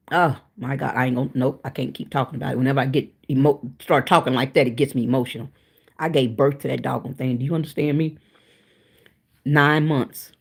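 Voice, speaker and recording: A woman hosting a cooking livestream, chatting frankly with her viewers and sounding tired and winded. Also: low-pitched. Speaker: cooking channel livestream host. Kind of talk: casual chat with viewers.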